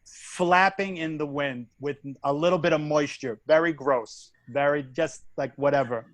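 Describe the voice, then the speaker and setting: A man, a guest comedian, telling a story in a casual chat, animated and acting out the voices and the punchline. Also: fairly high pitch, unhurried, no room sound. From United States.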